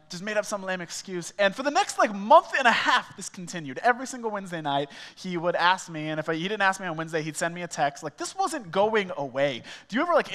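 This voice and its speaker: A male small groups pastor telling a personal story in a sermon, animated and casual, acting out the dialogue. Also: sits high, big-room sound. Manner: animated, acts out quoted dialogue, frequent "like" fillers. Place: church auditorium.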